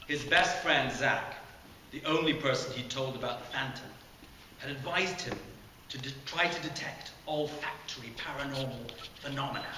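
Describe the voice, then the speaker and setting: A man reading from his own novel at a launch party, expressive and chuckling at his own jokes. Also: medium pitch, slight background noise. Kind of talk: animated reading aloud of a novel. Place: community center room at a launch party. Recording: echoey community center room.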